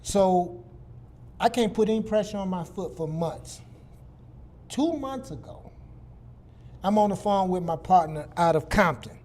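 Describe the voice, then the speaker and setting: Brief: middle-aged man from Detroit, fairly high voice, animated storyteller who talks to a group. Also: a little slow, long pauses. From Detroit, USA. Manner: animated, vivid storyteller with repetitions. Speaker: guest speaker. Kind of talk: casual storytelling talk.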